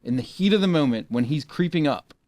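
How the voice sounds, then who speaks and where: Animated man rambling through a debate. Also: on the high side, fairly quick, no room sound, studio quality. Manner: animated, rambling with fillers and restarts. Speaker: podcast co-host. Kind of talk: casual debate chat.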